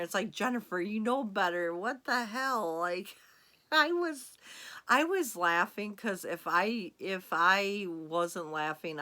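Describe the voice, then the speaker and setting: A woman talks casually to her camera in a rambling, giggly way. Her voice sits a little low but sounds bright and clear. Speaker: vlogger.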